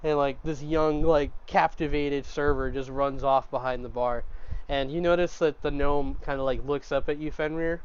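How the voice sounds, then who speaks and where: A man running a tabletop game as game master, narrating the scene in a relaxed, rambling way with many fillers. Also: a little high, moderate pace, clear, resonant tone. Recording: muffled lo-fi mic with faint noise.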